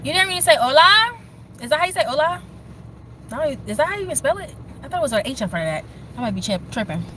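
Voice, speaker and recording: A young woman rambles happily to her livestream chat in a bright, forceful, slightly high voice. She is standing outside in the snow and talking into her phone while faint outdoor noise hums behind her. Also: quick pace. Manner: excited, rambling, talks straight to chat. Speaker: livestream host.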